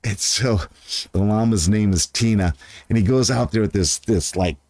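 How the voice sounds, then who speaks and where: A man's voice: fairly low pitch, normal speed, a little mellow, dry recording. A man chatting casually to camera outdoors, earnest and rambling, often losing his train of thought. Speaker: vlogger.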